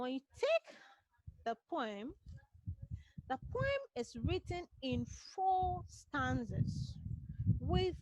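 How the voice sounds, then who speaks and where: Ghanaian woman literature teacher, high voice, repetitive call-and-answer lecturing. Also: no room sound, rough recording. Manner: asks rhetorical "what?" questions and answers them herself; repetitive, drilling key points. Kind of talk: online class lecture. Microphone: computer mic on a video call.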